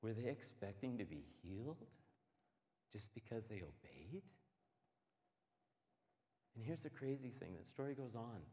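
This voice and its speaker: A man preaching a sermon with a lowish voice. He moves between hushed stretches and loud, passionate ones. A long reverb from a large hall trails his words. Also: big pitch swings, a little slow, long pauses. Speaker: pastor. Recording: echoey hall.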